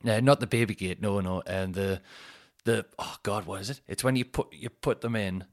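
A man's voice: fairly low pitch, normal speed. A man hosting a casual solo podcast, rambling and self-deprecating, swearing now and then. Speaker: comedian podcast host.

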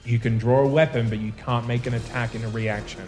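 A man running a tabletop game, narrating slowly with halting pauses and fillers. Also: medium pitch, steady tone, a little mellow, faint music behind. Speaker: game master.

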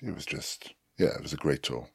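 A man with a Welsh accent, a former rugby player, telling lively anecdotes as a podcast guest with swearing and laughs. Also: a bass voice, a little fast, creaky, slightly rough, dry recording, clean studio sound. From Wales. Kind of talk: casual storytelling chat.

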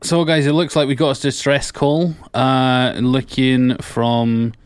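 A man playing a tabletop game, talking in character in a relaxed way with hesitant fillers. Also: medium pitch, takes it slowly, clear, resonant tone, no echo. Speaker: player. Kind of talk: casual in-character banter.

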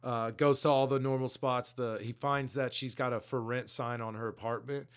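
A man at a mid-range pitch talks through a story he has just read, loose and conversational. He leans on slang and swears freely as he goes. It sounds like an easygoing podcast chat between friends. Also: steady tone, moderate pace, clear, resonant tone. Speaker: podcast co-host. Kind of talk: casual chat recapping a story.

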